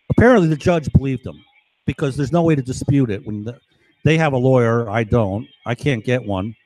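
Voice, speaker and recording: A man's voice: mid-range voice, darkish tone, no echo. A middle-aged man from New York, rambling through a long monologue, often tossing in "right?" and "you know?". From New York, United States. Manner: meandering, keeps asking "right?" and "you know?"; acts out overheard voices in his story.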